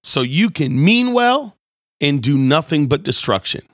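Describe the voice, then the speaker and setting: A man giving a conversational, storytelling sermon as host of his show, moving between quiet reflection and animated retelling. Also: a little high, a little slow, no echo, clean studio sound. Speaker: pastor. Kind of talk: sermon-style talk.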